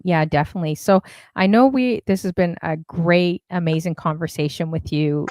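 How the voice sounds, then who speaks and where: A woman hosts a casual live-stream interview, chatty and a little scattered. Her voice sits on the lower side. The sound is close and dry. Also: smooth, dry recording. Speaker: host.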